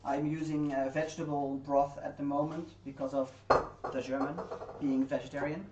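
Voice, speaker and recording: A woman chats easily as she cooks, reading out viewer messages and laughing along. Her voice comes from across a kitchen, sounding distant and roomy. Pots, dishes and drawers clatter clearly behind her. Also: low-pitched, level tone, moderate pace, dull audio, noisy background. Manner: chatty, reads chat aloud, laughs easily. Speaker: livestream co-host. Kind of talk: casual chat while cooking. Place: home kitchen. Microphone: distant room mic. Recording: echoey kitchen from far off, clattering pans.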